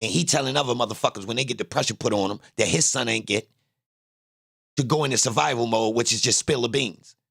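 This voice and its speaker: A man's voice: mid-range voice, fast talker, creaky, a bit bright, breathy edge, no echo, studio quality. A man giving a heated, profane reaction to a clip, blunt and emphatic, often repeating his phrases.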